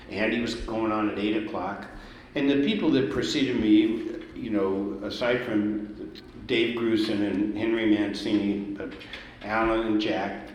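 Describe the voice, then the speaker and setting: An older man, a guest musician, telling lively anecdotes in conversation, laughing and acting out what others said. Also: fairly low pitch. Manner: lively storyteller, laughs, acts out quotes. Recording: echoey hall with faint noise.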